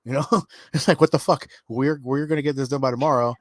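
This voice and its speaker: A man's voice: mid-range voice, fairly quick, no room sound. A man in casual conversation, sharing his own stories of running a business and agreeing supportively. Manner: relaxed, supportive, frequent short agreements. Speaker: guest and former business owner. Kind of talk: casual chat.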